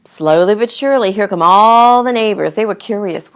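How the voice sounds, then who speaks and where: A woman reading a children's story aloud in an expressive, dramatic way. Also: mid-range voice, moderate pace.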